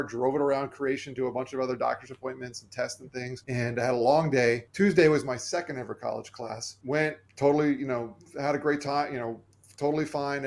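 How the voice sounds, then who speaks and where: An earnest male podcast guest recounts a personal story with animated energy. He slips into the voices of the people he quotes. His voice sits at an ordinary middle pitch for a man. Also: vocal fry.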